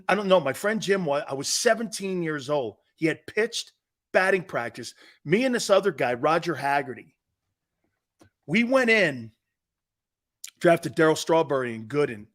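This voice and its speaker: A middle-aged man runs a casual sports talk show in a voice pitched a little high. He rambles, restarts his sentences and bursts out loud to call to his studio crew. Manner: rambling, repeats words and restarts. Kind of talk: casual sports radio chat.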